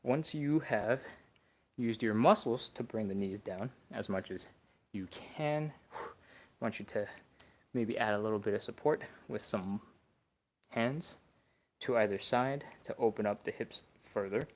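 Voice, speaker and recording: A young man coaching a relaxed, beginner-friendly stretch routine from home. He talks easily and encouragingly, walks through each position step by step, and counts the holds down out loud. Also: lowish voice, a little slow. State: out of breath. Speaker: stretching instructor. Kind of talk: live-streamed workout instruction.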